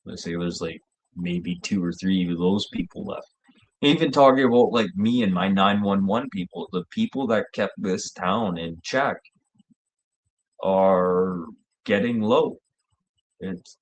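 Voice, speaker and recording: Low-voiced, swearing man. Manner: profane, joking, rambling. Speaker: show host. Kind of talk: casual rambling monologue.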